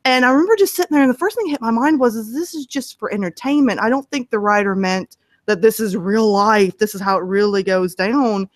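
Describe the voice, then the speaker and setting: A woman's voice: medium pitch, a little fast, dry recording. A woman guest in a casual interview, telling stories in a chatty way and laughing often. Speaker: interview guest, story narrator.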